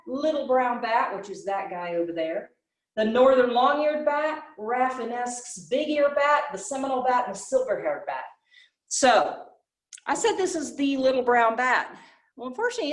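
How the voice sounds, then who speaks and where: Animated woman teaching kids, roomy echo. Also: high-pitched, distant mic. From Western North Carolina. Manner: animated, asks and answers her own questions. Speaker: children's nature program presenter. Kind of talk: teaching children. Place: library room.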